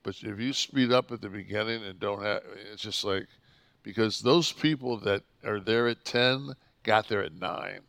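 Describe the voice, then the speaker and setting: A man in his sixties co-hosting a podcast, telling stories, swearing constantly and acting out his own shouting. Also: lowish voice, moderate pace, creaky, no room sound. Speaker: podcast co-host. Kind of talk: profane storytelling chat.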